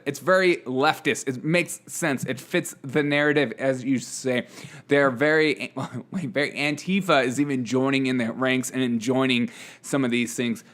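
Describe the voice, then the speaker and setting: A man's voice: fairly high pitch, fairly bright tone. A man hosting a political commentary show, reading headlines and making sarcastic asides, often laughing between stories. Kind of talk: casual news commentary.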